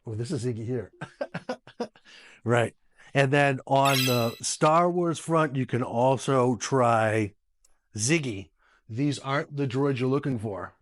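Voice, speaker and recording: A man hosting a casual tech video, chatty and quick to laugh, giving voice commands to smart speakers at home. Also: mid-range voice. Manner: chatty, laughs often, restarts phrases.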